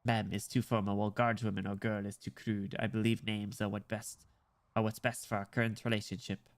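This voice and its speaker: A man's voice: lowish voice, brisk, natural voice. A man doing a poised Russian guardswoman. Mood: courteous. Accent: attempted Russian accent. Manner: polite, formal, calmly persuasive. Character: tall poised female Russian imperial guard. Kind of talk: reading game dialogue aloud.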